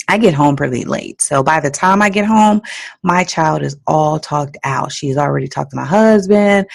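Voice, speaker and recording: A woman hosting a parenting podcast, giving advice in an animated, teacherly way and laughing at her own stories. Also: low-pitched, creaky. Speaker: parenting coach and podcast host. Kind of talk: solo podcast advice talk.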